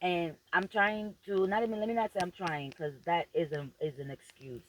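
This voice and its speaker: A woman's voice: fairly low pitch, fairly even intonation, normal speed, background noise. A woman vlogger giving a profane, emphatic and preachy motivational rant straight to her viewers, repeating phrases for emphasis.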